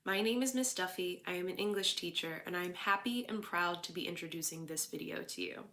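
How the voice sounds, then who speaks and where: A woman with a Philadelphia accent, an English teacher, giving a formal, measured welcome to a school assembly and reciting a poem. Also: on the low side, sharp tone.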